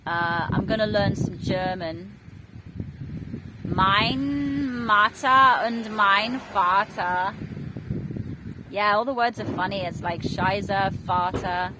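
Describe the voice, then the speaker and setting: A woman, rambling chattily and mocking herself as she vlogs outdoors next to a main road. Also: on the low side. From England. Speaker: vlogger. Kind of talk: casual vlog talk to camera. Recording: loud road noise outdoors. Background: loud traffic noise.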